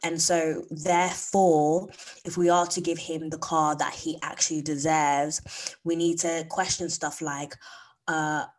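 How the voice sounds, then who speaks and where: A woman's voice: low-pitched, level tone, unhurried. A woman co-hosting a podcast, speaking frankly and emphatically in casual chat. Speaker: podcast co-host.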